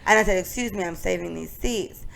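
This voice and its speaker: A young adult woman co-hosting a podcast, telling a long story in casual chat, animated and profane, often laughing. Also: lowish voice, fairly quick, gravelly. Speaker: podcast co-host.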